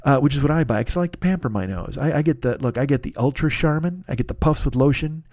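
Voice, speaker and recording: A man's voice: medium pitch, lively intonation, fast talker, darkish tone, no echo, studio quality. A man in his fifties hosting a casual solo podcast, rambling and swearing freely with self-mocking asides. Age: 50s. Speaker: podcast host.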